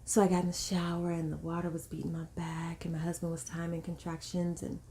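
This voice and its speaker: A woman guest telling a story in casual conversation, animated and slipping into the voices of people she quotes. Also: fairly low pitch, a little fast.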